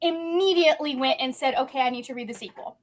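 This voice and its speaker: A woman co-hosting a casual livestream, animated and laughing as she tells stories about books. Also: sits high, fast. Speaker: co-host.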